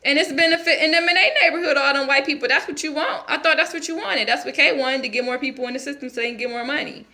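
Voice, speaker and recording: A woman's voice: sits high, fast, few pauses, sharp tone. A woman playing a defiant young foster girl in a character monologue, ranting in a confrontational, rambling, profane way.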